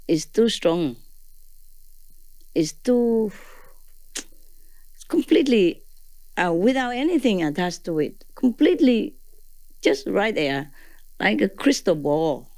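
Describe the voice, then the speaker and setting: A spiritual teacher with a mid-range, darkish voice, recorded dry, chats loosely with a gathering. Laughter and tag questions run through her informal talk, and her English phrasing is non-native.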